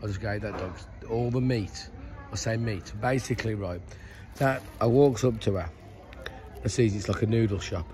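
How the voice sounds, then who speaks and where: A man's voice: on the low side, moderate pace, darkish tone. A man rambling chattily through a walking travel vlog, filmed outdoors at night on a handheld camera. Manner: rambling, chatty storytelling with many restarts. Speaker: travel vlogger. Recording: noisy outdoor street recording. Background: street noise and barking dogs.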